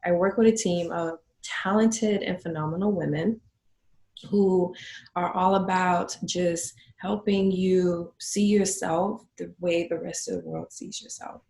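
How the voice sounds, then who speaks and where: Middle-aged woman, interview guest, warm storyteller, voices her clients. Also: lowish voice, fairly even intonation, measured pace, vocal fry, reverberant. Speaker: guest, photography business owner. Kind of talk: conversational interview.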